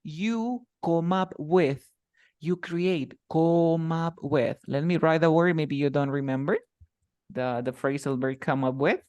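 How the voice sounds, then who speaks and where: A man's voice: on the high side, takes it slowly, darkish tone, clean tone, no room sound. A man whose first language is Spanish, teaching an English lesson in a casual style and explaining with many examples and repetitions.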